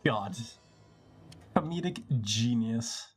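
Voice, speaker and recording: A man talks over a game he is live-streaming, cracking sarcastic jokes and swearing freely. His delivery swings up and down in pitch. Faint game music plays under his voice. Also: lively intonation, takes it slowly, slightly rough. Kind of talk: casual live-stream commentary while playing a game.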